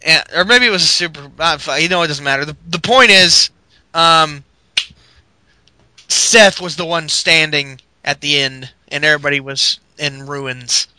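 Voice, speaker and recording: A man's voice: a little high, moderate pace, sharp tone, smooth, dry recording, rough recording. A man co-hosting a podcast, rambling through a wrestling recap in casual, profane chat. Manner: rambling storyteller acting out quotes, profane. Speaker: podcast co-host.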